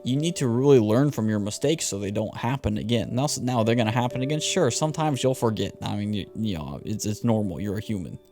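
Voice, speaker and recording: A young man hosting a casual motivational podcast, talking in an animated, slangy way with lots of repeated words. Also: fairly low pitch, fast talker, hardly any pauses, faint music behind. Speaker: podcast host.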